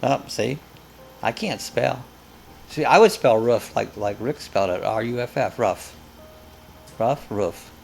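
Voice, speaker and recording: A man's voice: mid-range voice, a little slow, vocal fry, faint music behind. A man hosting a casual live chat, rambling and joking as he tells stories. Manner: rambling, jokey storyteller.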